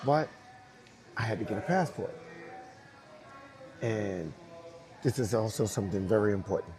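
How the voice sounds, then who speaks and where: A man's voice: fairly low pitch, moderate pace, pauses often, music in the background. A man telling a story from his dance career in a casual interview, acting out the voices of people in it and laughing often. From New York. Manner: animated, acts out dialogue, laughs often.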